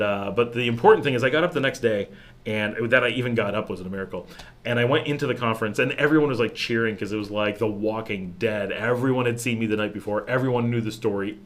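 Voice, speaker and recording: Rambling, animated man hosting a live Q&A. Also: lowish voice. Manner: animated, acts out quotes in changed voices, restarts often. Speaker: livestream host answering viewer questions. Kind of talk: casual rambling storytelling. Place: home in a town abroad.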